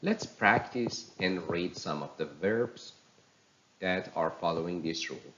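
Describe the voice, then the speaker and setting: A man teaching English pronunciation, reading practice words slowly and clearly for learners to repeat. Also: low-pitched, expressive, fairly bright tone, highs cut off. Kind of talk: slow teaching with drills.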